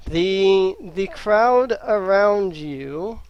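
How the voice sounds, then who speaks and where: Male game master, slow and halting, slightly high voice, dry close sound. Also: clean tone, dull audio. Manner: hesitant, many ums. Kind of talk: running a tabletop game.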